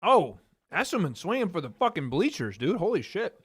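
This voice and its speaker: Guy streaming a fight watch party, kinda high voice, swears a lot, laughs, talks to chat. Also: very animated, brisk, husky. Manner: loose, profane, laughing, chatting with viewers. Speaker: livestream host. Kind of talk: casual live reaction commentary.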